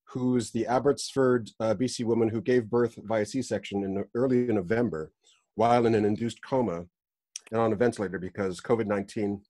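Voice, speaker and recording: A man co-hosting a podcast, talking in a laid-back, earnest, halting way. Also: on the low side, steady tone, warm tone, no echo, clean studio sound. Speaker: podcast co-host. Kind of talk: casual podcast banter.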